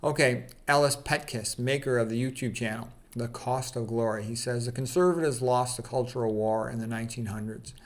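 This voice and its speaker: A man's voice: medium pitch, fairly quick, few pauses. Casual man reading quotes aloud. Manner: conversational, fillers like "okay" and "you know", opinionated asides. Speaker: channel host.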